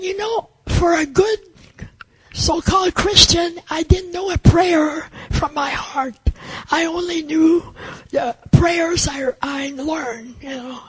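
A woman's voice: sits high, no room sound, rough recording. Earnest older woman sharing testimony. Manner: halting, earnest storytelling with many restarts. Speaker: testimony speaker. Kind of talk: personal faith testimony.

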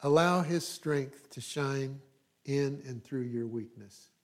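Speaking slowly in a mid-range voice, a middle-aged male pastor delivers a sermon in a conversational style. He adds asides along the way and frequently checks in with his congregation.

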